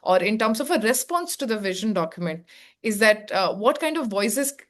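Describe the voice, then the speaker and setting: A woman's voice: medium pitch, expressive, normal speed. A woman with an Indian English accent, moderating a webinar panel, her phrasing loose and full of fillers.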